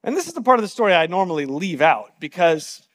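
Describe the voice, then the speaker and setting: A man's voice: sits high, big pitch swings, fast talker, fairly bright tone, long reverb tail. A man preaching a sermon, telling a story casually and with animation. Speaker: pastor.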